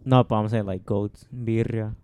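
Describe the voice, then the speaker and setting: A man's voice: fairly low pitch, level tone, normal speed, darkish tone, smooth. A man co-hosting a casual podcast, dropping short remarks into the chat. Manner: short interjections. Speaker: podcast co-host.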